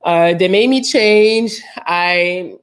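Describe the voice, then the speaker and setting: A woman's voice: lowish voice, extremely slow. A woman host casually telling a personal story, candid, swearing freely and using lots of fillers.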